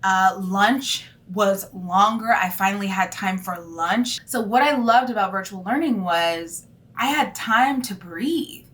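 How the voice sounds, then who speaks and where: A woman's voice: mid-range voice, unhurried. Candid woman teacher vlogging. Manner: candid and animated, lots of fillers. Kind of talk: casual vlog monologue.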